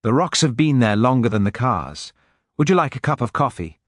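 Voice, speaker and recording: A man voicing a laid-back Scottish Highland village constable who talks mildly in a soft lilt. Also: sing-song, no room sound, clean studio sound. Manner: mild, soft lilting, unhurried. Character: easygoing Highland village constable, mild and wry.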